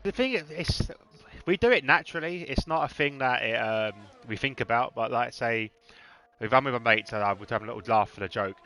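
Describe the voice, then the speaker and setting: A man from East London with a Cockney accent softened by a faint Birmingham lilt, his voice bright and forward. He commentates on a sim race in a loose, chatty way, laughing easily and slipping into other accents. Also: mid-range voice, expressive, brisk. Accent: Cockney with a slight Birmingham twang. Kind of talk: casual live sim-racing commentary.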